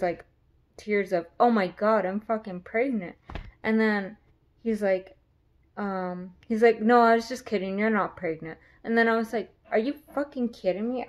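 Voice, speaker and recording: A woman's voice: mid-range voice, a little mellow. A young woman talking candidly and rambling with lots of fillers in a casual vlog. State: pregnant. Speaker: vlogger.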